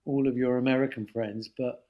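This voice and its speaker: A man in his seventies from London's East End with a London accent, a guest telling lively anecdotes and slipping into voices. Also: mid-range voice, fairly quick, narrow, tinny audio. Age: 70s. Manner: animated storyteller, slips into voices. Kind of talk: casual anecdote.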